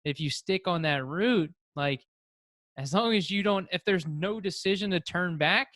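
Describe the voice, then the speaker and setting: A man hosting a podcast interview, enthusiastic and quick to laugh, with lots of "like" in his talk. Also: high voice, a bit bright, no echo, clean studio sound. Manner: enthusiastic, laughs often, fills with "like". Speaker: podcast host.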